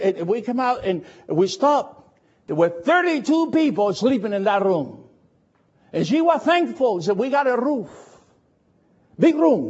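A man preaching a sermon in English, slow and emphatic, repeating phrases for effect. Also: sits high, darkish tone, dull audio. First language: Spanish.

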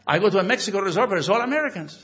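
Male pastor, emphatic sermon delivery, fairly high voice, dull lo-fi recording. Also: rapid-fire. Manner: animated, emphatic, acts out dialogues.

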